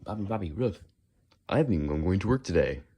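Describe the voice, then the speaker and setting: A man's voice: deep voice, very animated, fairly quick, mellow. A man doing an exaggerated impression of a fussy, whiny man.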